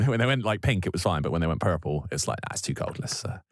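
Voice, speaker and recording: A man's voice: sits low, animated, racing, no room sound, studio quality. A man co-hosting a podcast, chatting casually and laughing easily as he wraps up the episode. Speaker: podcast co-host. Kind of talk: casual podcast outro chat.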